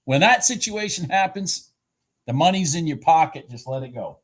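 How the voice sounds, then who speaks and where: A man giving excited live commentary on futures trades, exclaiming and repeating himself, with a husky voice. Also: a little high, normal speed.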